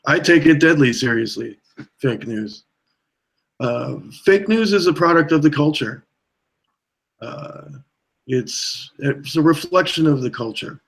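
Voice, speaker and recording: Deadpan male panelist, slow, halting, dry humor. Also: medium pitch. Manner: deadpan, halting, many fillers. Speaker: provost of a mock college. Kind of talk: mock press conference.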